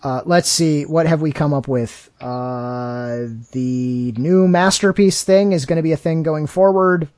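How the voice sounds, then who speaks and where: A man's voice: fairly high pitch, unhurried, few pauses, no room sound, clean studio sound. A man co-hosting a podcast, chatting casually with a wry, grumbling manner. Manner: wry, grumbling, lively delivery. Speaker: podcast co-host. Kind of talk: casual chat about card games.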